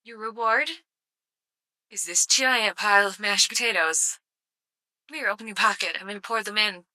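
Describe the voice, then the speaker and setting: A woman's voice: mid-range voice, normal speed, pushed and bright, no echo. A woman live-streaming casual commentary, sarcastic and swearing freely with mock outrage.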